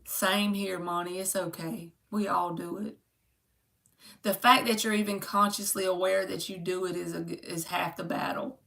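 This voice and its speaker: Gravelly, bright-voiced woman tarot reader. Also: fairly low pitch, fairly even intonation, moderate pace, far from the mic. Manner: chatty, joking, talks to viewers by name. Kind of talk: casual live-stream tarot reading. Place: home room.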